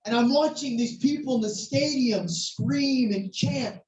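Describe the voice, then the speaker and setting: A preacher telling a story in a sermon, animated and at times shouting, recorded in a church hall. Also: high voice, measured pace, a little hiss or hum. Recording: echoey, distant, muffled hall recording.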